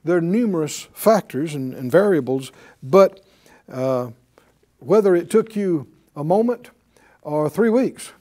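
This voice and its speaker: A man preaching a sermon, asking his congregation questions and acting out shouts of praise. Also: fairly high pitch, unhurried. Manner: animated, calls out to the congregation and acts out shouts of praise.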